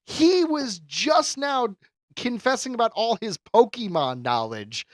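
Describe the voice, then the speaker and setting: Wisecracking man with a very lively pitch. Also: slow pace, no echo, studio quality. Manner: wisecracking, sarcastic, swears freely. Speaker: podcast co-host. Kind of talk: casual podcast chat.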